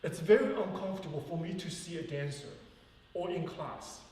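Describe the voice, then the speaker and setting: A man's voice: a little high, moderate pace, a little mellow. Earnest male ballet teacher counting aloud. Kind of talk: teaching a live ballet class. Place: large echoey dance studio. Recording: far-off voice in an echoey hall.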